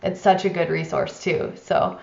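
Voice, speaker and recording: A woman host talks in a friendly, agreeable way, with a lowish, gravelly voice. She keeps backing up her guest with quick affirmations. The audio is roomy and a bit dull. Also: fairly even intonation, darkish tone. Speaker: interview host, myofunctional therapist. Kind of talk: casual interview chat. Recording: echoey room, dull lo-fi audio.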